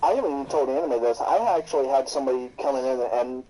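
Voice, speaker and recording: A man's voice: medium pitch, fast, warm tone, slight background noise, poor audio. A man who streams games, chatting casually and bluntly, swearing often. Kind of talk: casual chat.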